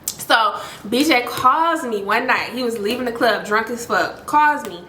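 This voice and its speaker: Young woman spilling tea to the camera, bright voice, kinda echoey room. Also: on the high side, a little slow, slight background noise. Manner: animated, slangy, addresses viewers as y'all. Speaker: storytime vlogger. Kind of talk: casual storytelling to camera.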